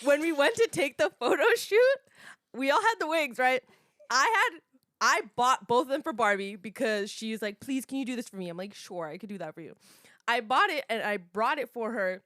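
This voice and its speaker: A woman's voice: sits high, moderate pace, no echo, studio quality. A woman podcast co-host telling an anecdote in casual chat, slangy and acting out quotes. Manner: animated storytelling with acted quotes, slangy.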